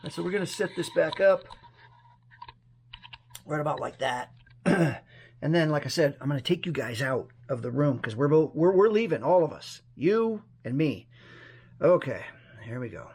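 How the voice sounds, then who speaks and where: A hoarse man chatting casually to his vlog camera at home, rambling and talking himself through each step. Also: fairly high pitch, lively intonation, normal speed, pauses often, a little mellow. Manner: chatty, rambling, self-talk. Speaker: vlogger. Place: room at home. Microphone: action camera on a mini tripod.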